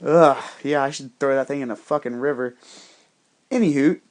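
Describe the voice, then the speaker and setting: A man's voice: medium pitch, normal speed. A man telling a rambling, heavily profane story in a casual, conspiratorial monologue.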